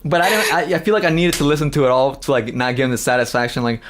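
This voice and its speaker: A man's voice: medium pitch, racing, a bit bright. A man hosting a live stream, talking casually with lots of fillers, restarts and swearing. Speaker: streamer host.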